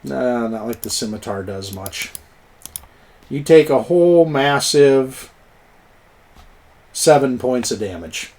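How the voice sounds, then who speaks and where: A man's voice: medium pitch, expressive, slow pace, pauses often, a little mellow. A man narrating a tabletop game as game master, chuckling and cheering on the players' rolls. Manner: chuckling, encouraging, plays up dice rolls.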